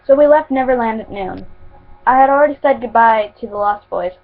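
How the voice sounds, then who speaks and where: A woman's voice: a little high, brisk, faint music behind. A woman reading her own fan fiction aloud at home, stumbling now and then and restarting words. The recording sounds tinny and phone-like. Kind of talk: homemade story reading.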